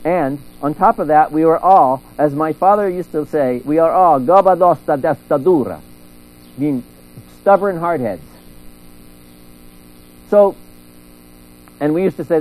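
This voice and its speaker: A middle-aged man preaching a sermon in a church, telling a story with lively acted-out voices. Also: fairly high pitch, a little slow, long pauses, rough recording. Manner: animated storytelling, acting out voices.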